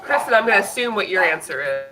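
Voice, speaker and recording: A woman's voice: medium pitch, animated, fast, background noise. A woman hosting a casual podcast, chatty and laughing easily, with lots of filler words. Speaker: podcast host reading listener scores. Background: dogs in the room.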